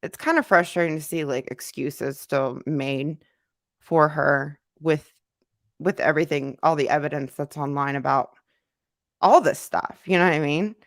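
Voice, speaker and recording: On a casual livestream, a woman with a cold reads out chat comments, rambling conversationally, repeating herself, and filling pauses with fillers. Her voice is low and a little slow, in a dry, studio-quality recording.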